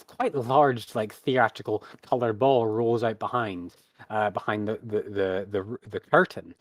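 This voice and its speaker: Acting as game master, a man narrates a tabletop game in a halting way, full of fillers. His voice is on the low side with a steady tone, and the recording is dry.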